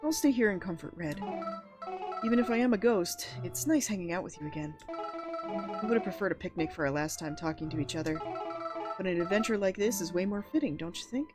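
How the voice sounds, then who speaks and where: A woman voicing a gentle, loyal ghost sheep in a high, cooing, earnest voice as she reads game dialogue aloud. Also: expressive, brisk, natural voice. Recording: game music underneath.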